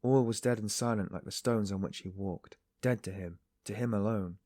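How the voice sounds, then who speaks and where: Low-voiced male audiobook narrator. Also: normal speed, mellow, no echo, clean studio sound. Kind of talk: scripted narration.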